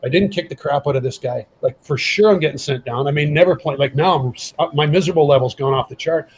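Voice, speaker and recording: A middle-aged former pro hockey enforcer, now a podcast guest, tells a casual story and animatedly acts out the quoted dialogue. His voice sits on the high side and moves fast. The low-quality recording carries slight background noise.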